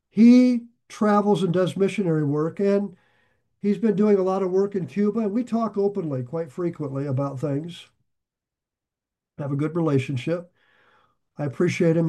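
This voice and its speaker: A man preaching a sermon in an earnest, conversational way, with sarcastic asides and sudden swings between loud emphasis and quiet drops. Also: high voice. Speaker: pastor.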